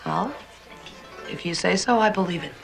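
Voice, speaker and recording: A coy young stenographer. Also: female voice, lowish voice, expressive, normal speed, gravelly. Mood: eager. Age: young adult. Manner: teasing and coy. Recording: film scene with music behind.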